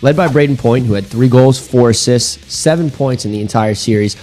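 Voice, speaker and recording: A man, a hockey blogger guest, giving a low-key, deadpan sports prediction. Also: fairly quick, faint music behind.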